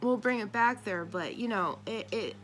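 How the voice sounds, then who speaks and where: Woman, casual spiritual talk, animated and chatty, medium pitch, faint hiss behind. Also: normal speed. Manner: animated, chatty, laughs often. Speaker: tarot reader.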